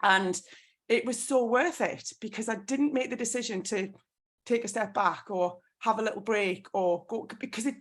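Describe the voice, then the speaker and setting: A woman's voice: fairly high pitch, normal speed. A woman in her thirties giving a motivational talk on a team call, telling a story with many "like" fillers. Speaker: network marketing team leader.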